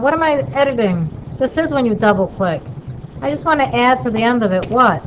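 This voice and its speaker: A woman instructor walking through a drawing in a casual lesson and checking in with quick questions. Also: a little high, expressive, lo-fi sound, slight background noise. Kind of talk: casual screen-recorded lesson.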